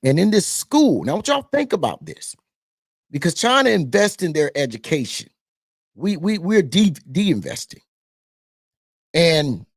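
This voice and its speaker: A male host with a Southern US twang giving casual political commentary straight to his viewers, animated and preachy, repeating his points and calling the audience y'all. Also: a little high, vocal fry, dry recording, studio quality. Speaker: political talk show host.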